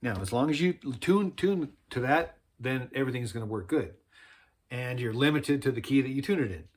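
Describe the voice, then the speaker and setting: A man's voice: mid-range voice, expressive, moderate pace. A man casually explaining how he lays out frets for homemade string instruments, in a laid-back, rambling way with slang like "man" and "dude". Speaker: instrument builder teaching.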